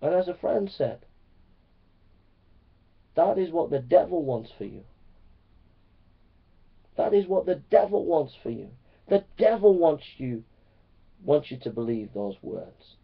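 A man's voice: on the high side, sing-song, a little slow, vocal fry, long pauses, breathy edge. Earnest man preaching, lo-fi recording. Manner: earnest, repetitive, swinging from loud to hushed. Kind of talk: sermon to preachers. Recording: dull lo-fi recording.

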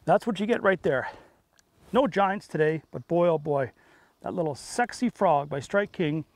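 Excitable fishing host. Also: male voice, high voice, no echo. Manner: excitable, salesy, punchy phrases. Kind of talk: on-the-water fishing commentary. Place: outdoors on a boat on a lake.

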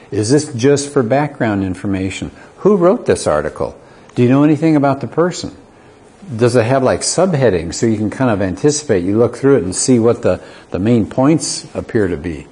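With a dark tone at medium pitch, a middle-aged community college teacher delivers an earnest talk to a live crowd. He throws out rhetorical questions and voices both parties in short dialogues.

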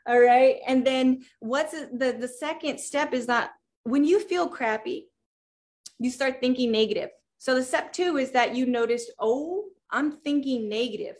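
A woman life coach giving a motivational coaching talk to a group, lively and chatty, often checking in with her listeners. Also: high voice, a little slow.

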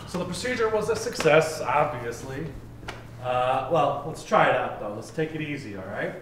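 A man's voice: medium pitch, expressive, moderate pace, fairly bright tone, natural voice. A man playing a chatty reassuring doctor. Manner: casual, reassuring, talks patients through things. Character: upbeat male surgeon, chatty and reassuring. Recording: echoey room with noise.

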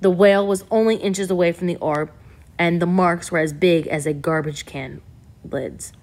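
A woman narrating a novel aloud in a steady, even reading style. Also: on the low side, normal speed. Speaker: audiobook narrator. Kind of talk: scripted narration.

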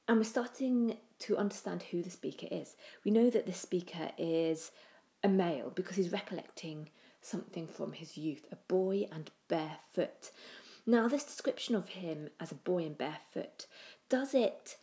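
A woman giving a poetry analysis lesson, thoughtful, with pauses and restarts, often trailing off quietly. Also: lowish voice. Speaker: teacher.

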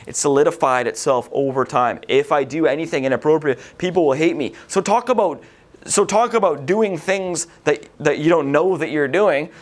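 A man lecturing a recovery group in a casual, rambling way, swearing freely and often. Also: fairly high pitch. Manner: swears a lot, vulgar, rambling.

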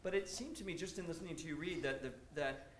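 A man's voice: a little high, fast talker, fairly bright tone. Hesitant male moderator in a roomy lounge. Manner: hesitant, searching for words. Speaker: event moderator. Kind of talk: hosting a question session. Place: university lounge at a public reading. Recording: roomy lounge with faint background noise.

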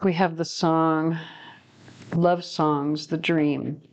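A woman reads tarot cards to her viewers in a loose, talkative way, wandering off on tangents and laughing at her own jokes. Her voice sits a little on the low side. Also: level tone, very slow, slight background noise. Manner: chatty and rambling, laughs often at herself. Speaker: tarot reader. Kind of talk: casual tarot reading to camera.

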